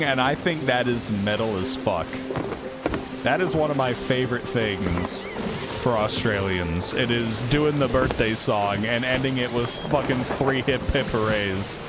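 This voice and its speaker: A man streaming a game, chatting casually, swearing freely and thinking aloud as he plays. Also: mid-range voice. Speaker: gaming streamer. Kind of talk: casual live-stream commentary. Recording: loud game audio under the voice. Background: loud sea and ship sounds from the game.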